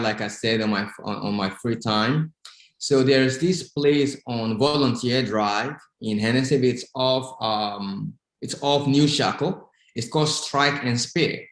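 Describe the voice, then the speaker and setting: A man's voice: mid-range voice, a bit bright, reverberant. A young adult man with a Nigerian accent, a physician talking as a guest in a casual interview, hesitant with many fillers.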